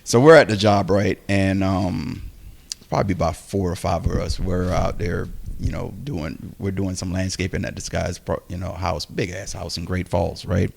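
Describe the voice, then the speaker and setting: A man with a gravelly, fry-edged voice sitting a little low in pitch tells a casual story on a podcast. He is animated and acts out the quoted lines of the people in it. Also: normal speed, a little hiss or hum.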